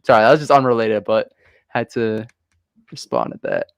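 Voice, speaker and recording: A man hosts a casual sports talk stream from home, chatty and upbeat. His voice is smooth and resonant. The sound is dry and close, with no room around it. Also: fairly low pitch, huge pitch swings, moderate pace, dry recording. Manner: chatty, upbeat sign-offs. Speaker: host.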